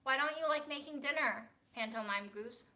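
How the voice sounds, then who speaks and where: Woman, cooking livestream host, bright voice, fairly high, blunt, playful, small kitchen. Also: normal speed. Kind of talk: casual cooking chat.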